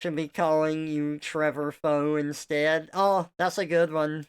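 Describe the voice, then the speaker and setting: Slow, mumbly Southern woman streamer. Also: low voice, level tone, smooth. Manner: slightly mumbled, soft pronunciation. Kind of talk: casual live-stream chat.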